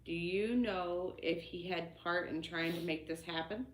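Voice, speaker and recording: A woman's voice: lowish voice, measured pace. A woman reading out viewer questions and prompting the host. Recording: echoey room, faint noise.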